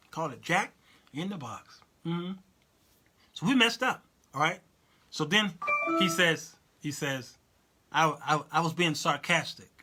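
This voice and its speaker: A man in his fifties hosting a talk show, talking straight to his viewers in an animated, laughing monologue and answering their chat comments. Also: sits high. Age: 50s.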